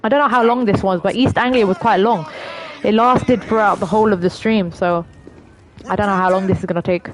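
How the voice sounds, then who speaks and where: A woman with a London accent giving chatty, excitable live commentary as she plays a game, yelping and swearing at it. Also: medium pitch, a little fast, noisy background. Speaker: game streamer.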